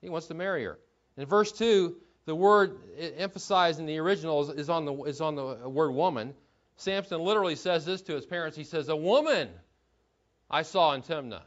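A pastor with a fairly high voice preaches at a fairly quick pace in an earnest, teaching tone. He asks rhetorical questions and frequently restarts his phrases. The recording is dull and lo-fi.

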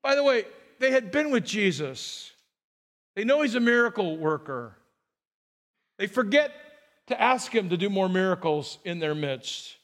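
A man preaching a sermon as pastor, animated and joking, often restarting his words. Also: sits high, a little slow, pauses often.

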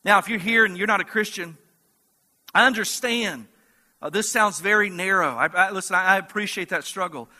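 Bright-voiced preaching man, hall reverb. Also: sits high, brisk. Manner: emphatic, repeats "listen", rising to forceful peaks. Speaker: pastor. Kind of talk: sermon.

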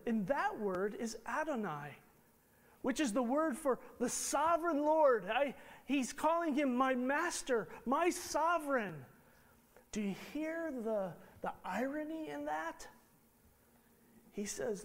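A man's voice: very high voice, lively intonation, takes it slowly. A male pastor preaching a sermon in a conversational way, full of rhetorical questions and restarted phrases. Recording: long reverb in a large hall.

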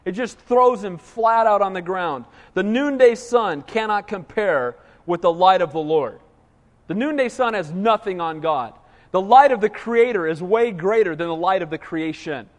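A pastor with a high voice preaches at normal speed with animated, call-and-response energy. A long hall reverb makes his sermon ring out as if in a church sanctuary.

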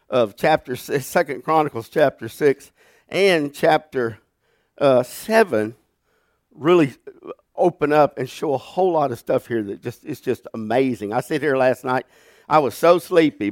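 A man, preaching as a pastor and telling a funny story in a folksy, animated way. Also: medium pitch, no echo, clean studio sound. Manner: folksy, animated storyteller who laughs through his stories. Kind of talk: sermon with storytelling. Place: church sanctuary.

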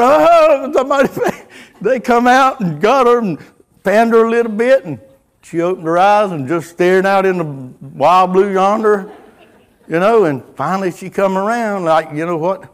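A middle-aged man, preaching a folksy sermon full of stories, dropping to a hush and then rising loud. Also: high voice, moderate pace. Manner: folksy, storytelling, wide swings from hushed to loud.

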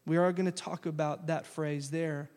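A male pastor preaching a sermon, lively and conversational, slipping into casual phrases as he walks through a scripture reading. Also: a little high, normal speed. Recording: long church-hall reverb.

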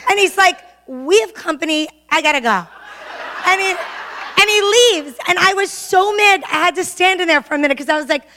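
A woman telling a funny personal story to a church audience, self-mocking and animated. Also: very high-pitched, normal speed, slight background noise. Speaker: testimony speaker. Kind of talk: storytelling testimony. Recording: long hall reverb.

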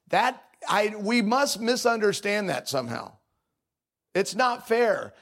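A man preaching a sermon in a conversational, confessional way. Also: high voice. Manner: conversational, confessional, mimics voices in anecdotes.

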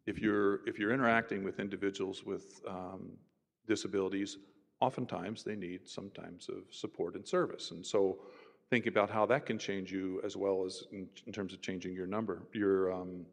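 A man, a university professor, telling stories in an animated conversational way and voicing the people in them. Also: low voice, vocal fry. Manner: animated, voices others in his stories. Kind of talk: conversational storytelling. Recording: roomy with long reverb.

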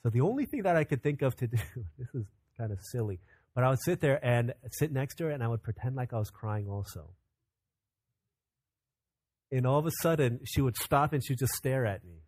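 A man's voice: medium pitch, lively intonation, brisk, rough recording. Impassioned male pastor preaching. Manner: impassioned preaching, rising loud on questions, dropping soft on quotes. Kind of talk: sermon.

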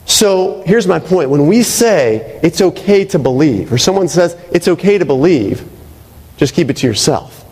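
Male pastor, sermon, chatty preaching, slightly high voice, long hall reverb. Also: lively intonation, moderate pace, darkish tone, breathy edge. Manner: conversational preaching with frequent rhetorical "right?".

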